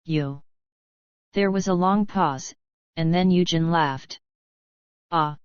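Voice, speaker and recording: A woman narrating a classic novel as an audiobook in measured storytelling. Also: fairly low pitch, clear, resonant tone, dry recording, dull audio. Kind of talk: scripted narration.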